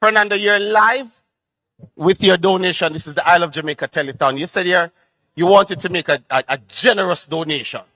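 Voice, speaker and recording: A man's voice: sits high, brisk, sharp tone, no room sound, low-quality recording. A man hosting a live fundraising telethon, taking donor calls and upbeat. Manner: upbeat, auction-style calling. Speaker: telethon host.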